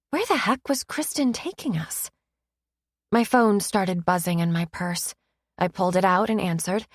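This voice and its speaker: A woman narrating a romance audiobook in first person, with a wry, expressive manner, close to the mic. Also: on the low side, creaky, dry recording.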